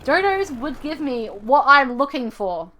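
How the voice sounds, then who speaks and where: High-voiced chatty woman streaming a game. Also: sing-song, unhurried, bright, forceful tone. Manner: chatty, rambling, repeats phrases. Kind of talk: casual live game commentary.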